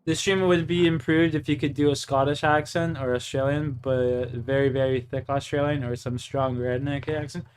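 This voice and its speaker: A man's voice: medium pitch, steady tone, normal speed, hardly any pauses, a little hiss or hum. A young man from Canada chatting casually on a gaming livestream, cracking crude jokes and reading viewer messages aloud.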